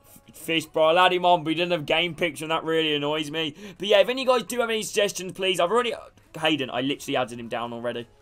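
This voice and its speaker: A man's voice: a little high, racing, fairly bright tone, smooth, faint music behind. A man casually commentating a game stream, chatting with viewers and calling them by name. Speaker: gaming streamer.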